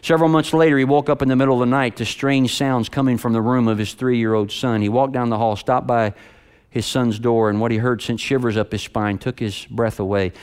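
A male preacher delivering a sermon, swinging from loud, high emphasis to low, hushed delivery. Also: fairly even intonation, a little fast, clean tone.

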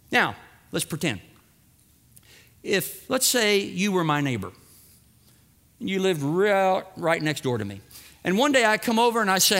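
A man's voice: high voice, a bit bright. A middle-aged man preaching a sermon as pastor, emphatic and repeating phrases for effect, acting out small dialogues.

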